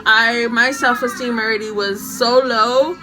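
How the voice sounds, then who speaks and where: A young woman casually telling a story from her school days, animated and often laughing. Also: a little high, measured pace, music in the background, poor audio.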